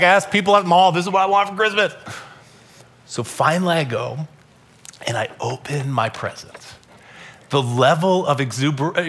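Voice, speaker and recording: A man in his thirties preaching a Christmas sermon to a live congregation, telling stories with loud bursts and soft asides. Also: fairly high pitch. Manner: animated storytelling, shifting between loud bursts and soft asides. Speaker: pastor. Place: church hall, live congregation.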